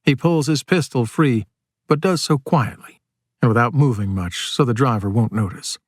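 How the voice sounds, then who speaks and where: A man reads an audiobook in a measured, steady storytelling voice of average pitch. He sits close to the mic, and the sound is dry, with no room around it. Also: no room sound. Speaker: audiobook narrator. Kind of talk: audiobook narration.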